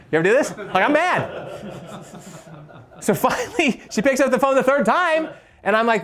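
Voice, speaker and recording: A man giving a live leadership workshop, animated, asking the audience questions and stumbling over quick restarts. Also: high voice. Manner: animated, asks the crowd questions, stammers on restarts. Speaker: leadership speaker.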